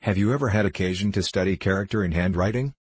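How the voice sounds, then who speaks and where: A man reading the part of a cool, reasoning detective, with a precise, measured, detached delivery. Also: low-pitched, husky, no room sound. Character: cool, reasoning male detective, middle-aged.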